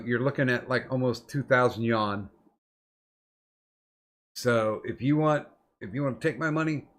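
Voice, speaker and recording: A man's voice: medium pitch, a bit bright. A middle-aged man hosting a podcast, telling long rambling stories in casual chat, swearing often. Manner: profane, rambling storyteller. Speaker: podcast host.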